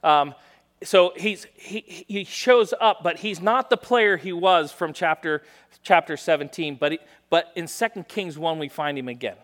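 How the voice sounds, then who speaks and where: A male preacher with a slightly raised voice leads a sermon, retelling scripture with lively storytelling. He acts out the characters' lines in loud bursts, then drops to quiet, joking asides. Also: on the high side, a little slow. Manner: animated storytelling, acting out quoted lines with bursts of volume. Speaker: guest preacher.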